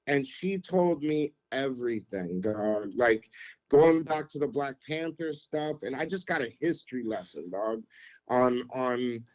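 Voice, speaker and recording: A middle-aged man, a former radio programmer, telling anecdotes on a podcast in an animated, casual way. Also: mid-range voice, a little slow, poor audio. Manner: animated anecdote-telling, acts out quotes, keeps saying "you know what I mean". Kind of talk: casual storytelling.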